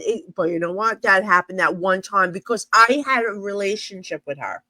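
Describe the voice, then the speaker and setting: A woman's voice: mid-range voice, moderate pace, few pauses, sharp tone, no echo. A middle-aged woman from New Jersey, a psychic medium telling stories in a casual interview, rambling and full of fillers like "you know".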